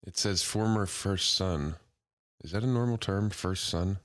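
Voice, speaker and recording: Young male co-host with a low voice, relaxed and crude banter. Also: a little slow, no echo, studio quality. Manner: laid-back, crude, laughs often. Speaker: podcast co-host. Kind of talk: casual chat.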